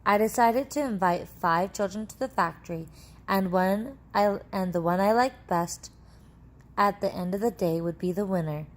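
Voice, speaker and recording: A woman reading aloud a children's book, voicing an eccentric, excitable male chocolate-maker who talks in a brisk, eager, commanding way. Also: mid-range voice, close to an everyday voice.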